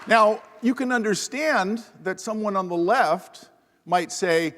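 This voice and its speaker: A man's voice: high-pitched, moderate pace. Wry storytelling man in a hall. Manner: self-deprecating storyteller, lively and wry. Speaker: panelist professor. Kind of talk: humorous anecdotal talk at a panel event. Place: university event hall. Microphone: lapel microphone. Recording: long reverb of a large hall.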